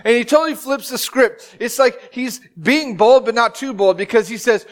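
A man in his thirties preaching a sermon as pastor, telling the story with animated, dramatic acted-out quotes. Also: extremely high pitch, moderate pace, few pauses.

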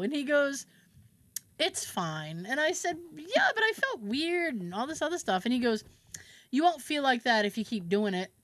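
A woman's voice: high voice, big pitch swings, moderate pace, a bit bright. A woman hosting a podcast, telling a story in casual chat, acting out quotes, laughing often and swearing freely. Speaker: podcast host.

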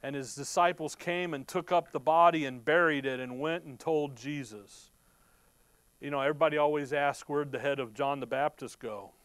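A man's voice: a little high, moderate pace, a bit bright, clean tone, no room sound. A man preaching a sermon who reads scripture verse by verse and stops to explain it. He asks rhetorical questions, answers them himself, and restarts words when stirred.

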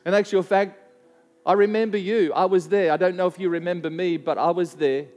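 A man's voice: high voice, fairly even intonation, fairly quick, a little mellow, faint music behind, natural voice. A man preaching who voices a remorseful middle-aged former camp guard asking humbly for forgiveness. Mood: pleading. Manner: pleading, humble.

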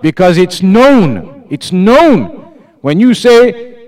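A man's voice: sits high, very animated, slow, long pauses, a little mellow. A man teaching an Islamic lesson, explaining points patiently, repeating them and putting questions to his students.

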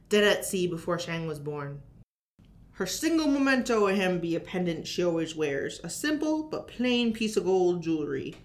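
A woman co-hosting a library podcast, reading book recommendations aloud in a storytelling manner sprinkled with mock pirate dialect. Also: fairly low pitch.

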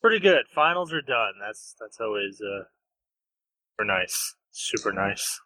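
A young man co-hosting a podcast in casual chat, laughing often and teasing with quick banter. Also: on the low side, big pitch swings, bright, forceful tone, dry recording, rough recording. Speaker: podcast co-host.

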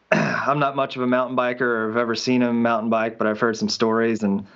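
An easygoing man hosts a casual podcast chat and rambles a little as he goes. His voice sits mid-pitch, and the recording sounds dull and slightly lo-fi. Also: flat delivery, fairly quick, a bit bright. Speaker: podcast host, flat track racer.

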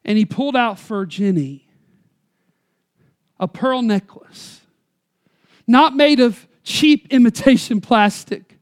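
Dramatic folksy preacher telling a story. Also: medium pitch. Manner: dramatic, swinging from loud emphasis to quiet near-whispers, slowing on key words. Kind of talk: sermon storytelling.

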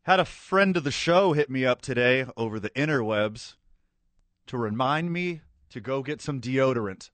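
A man's voice: mid-range voice, animated, moderate pace, fairly bright tone, dry recording. A man hosting a sports radio show, joking and bantering with his co-host. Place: radio studio. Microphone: studio microphone.

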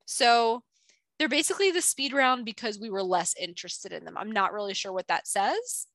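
A woman's voice: a little high, lively intonation, normal speed, a bit bright, no echo. A woman co-hosting a podcast, chatting casually and animatedly about science, with lots of filler words. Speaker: podcast co-host.

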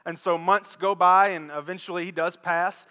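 A man preaching a sermon in an animated, joking, repetitive way, in a church. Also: high-pitched, normal speed, clean tone. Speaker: pastor. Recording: echoey church hall.

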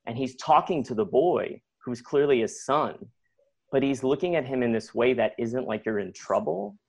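A middle-aged man telling a personal story on live radio, conversational and animated, with many likes and acted-out quotes. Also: medium pitch, moderate pace. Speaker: storyteller guest.

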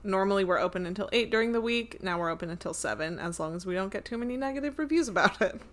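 A woman's voice: mid-range voice, expressive, quick pace, a bit bright. Young woman, casual storyteller, giggly, mid-range voice. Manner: giggly storyteller, laughs often, acts out customers. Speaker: store clerk. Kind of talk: casual chat.

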